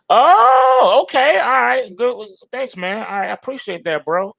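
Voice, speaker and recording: A man hosting an end-of-day trading report, talking about the charts in animated, slangy commentary and joking about them as if they were people. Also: very high-pitched, measured pace, creaky, few pauses, no room sound. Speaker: trading show host.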